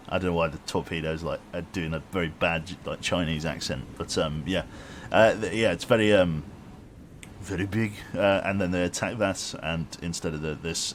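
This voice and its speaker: A man's voice: very deep voice, brisk, few pauses. A man streaming a submarine game, chatting casually with dry, self-mocking humor. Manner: rambling, wry, self-mocking. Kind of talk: casual live-stream commentary. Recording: noisy background hum.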